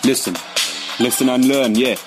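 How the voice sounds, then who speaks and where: A man doing a brash young grime rapper, mid-pitched, boastful, repetitive bars, over a backing beat. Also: fairly even intonation, normal speed, close to an everyday voice. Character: swaggering young male grime MC, bragging rival. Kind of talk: comic diss-track rapping. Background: music beat.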